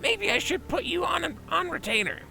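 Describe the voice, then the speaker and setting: A greedy goblin smuggler boss snaps and wheedles in a piercing, glassy voice full of rasp and gravel. He lurches wildly up and down in pitch. Soft game music plays behind. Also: sing-song, fairly quick, exaggerated voice, low-quality recording. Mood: sly. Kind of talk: game voice-over dubbing.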